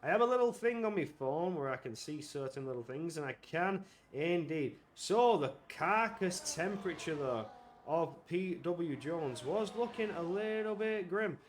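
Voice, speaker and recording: A man giving live commentary on an online racing league, getting excitable and loud when the action heats up. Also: fairly high pitch, measured pace, slight background noise. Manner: excitable, rises to shouts at action.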